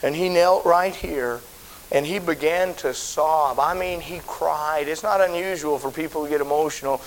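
Casting note: middle-aged male pastor, folksy storyteller, slightly high voice, faint tape hiss. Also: moderate pace, poor audio. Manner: folksy storytelling, swelling to shouted preaching. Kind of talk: sermon storytelling. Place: church auditorium.

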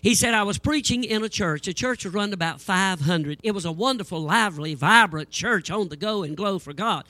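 An older preacher with a high, piercingly bright voice spins folksy church stories. He acts out the people in them with lively energy, and the sound is close and dry. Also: fairly quick, hardly any pauses, no echo. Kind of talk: humorous sermon storytelling.

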